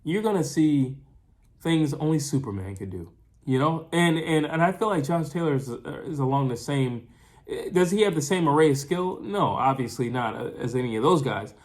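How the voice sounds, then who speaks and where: A man giving his own fight recap in a casual opinion monologue, animated, repeating phrases and restarting often. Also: on the high side, normal speed. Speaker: boxing commentator.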